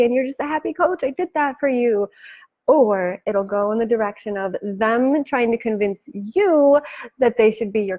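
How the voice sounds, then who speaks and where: A woman business coach giving a chatty, animated live talk, acting out her clients' lines and laughing often. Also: fairly high pitch, dull audio.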